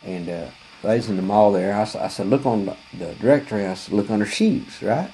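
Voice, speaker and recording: A man's voice: fairly low pitch, a little fast, mellow, a little hiss or hum, low-quality recording. A man, telling a rambling, folksy, profane comic story full of fillers.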